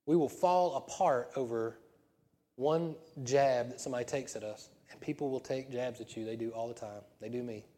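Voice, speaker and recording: Man preaching a sermon, dark and roomy. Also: medium pitch, moderate pace. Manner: conversational preaching with laughs and rising emphatic peaks. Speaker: senior pastor. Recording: long hall reverb.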